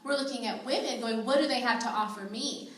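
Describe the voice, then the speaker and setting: A woman's voice: a little high, fairly quick. A woman giving earnest, flowing advice as a talk show guest. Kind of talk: panel talk. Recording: echoey room from far off.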